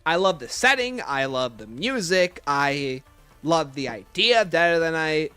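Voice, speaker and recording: A male streamer chatting casually on a livestream, reading his viewers' comments aloud and firing back blunt opinions. His voice sits a little high and sounds bright and forward, with a very animated, bouncing delivery. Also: measured pace, clean tone, faint music behind. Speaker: livestream host.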